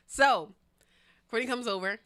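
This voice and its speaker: A woman co-hosting a podcast in casual chat, telling stories in an animated way, swearing freely and laughing often. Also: fairly high pitch, a little hiss or hum. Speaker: podcast co-host.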